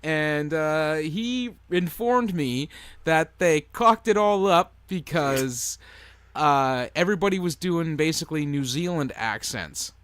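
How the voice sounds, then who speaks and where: A man's voice: on the high side, lively intonation, slow, a bit bright, smooth, dry recording. A man with a Canadian accent co-hosting a casual podcast, playful and jokey as he tells stories. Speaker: podcast co-host. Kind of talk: casual chat.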